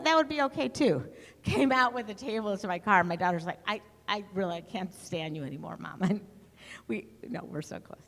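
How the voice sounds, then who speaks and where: A middle-aged woman speaking to an audience in a lively storytelling talk, acting out the voices she quotes. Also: high voice. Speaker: conference speaker. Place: conference hall. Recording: long hall reverb.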